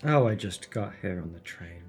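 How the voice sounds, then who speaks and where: A man's voice: low voice, expressive, normal speed, darkish tone. Guy playing a jester at a tabletop game, awkward and stammery, faint music behind. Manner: awkward, self-deprecating, stammering. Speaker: player.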